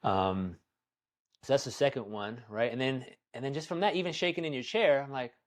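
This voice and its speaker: A man teaching qigong in a conversation, calm and soothing, who often checks in with "right?". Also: mid-range voice, fairly quick. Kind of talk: guided practice in conversation.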